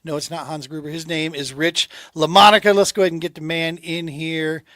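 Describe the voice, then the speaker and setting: A middle-aged man hosting a podcast, talking in a relaxed, rambling way and calling his guest "dude" and "man". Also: a little high, a little fast, dry recording, studio quality. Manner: laid-back, rambling, says dude and man often. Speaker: podcast host. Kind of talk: casual interview chat.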